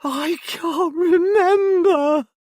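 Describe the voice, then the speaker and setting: A woman's voice: mid-range voice, wildly swooping pitch, measured pace, mellow, breathy edge, no room sound, clean studio sound, voice pushed up, full character voice. A man voicing a distraught, confused woman who wails, sobs and slips into a sing-song, twittery voice. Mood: screaming. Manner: wailing, sobbing, sing-song.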